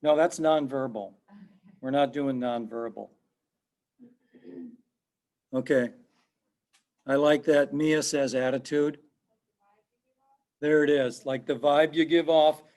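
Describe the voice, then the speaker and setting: A man's voice: fairly high pitch, fairly even intonation, slow, long pauses, darkish tone. A middle-aged man, a professor, giving an online class lecture in a conversational way, repeating himself and quizzing his students.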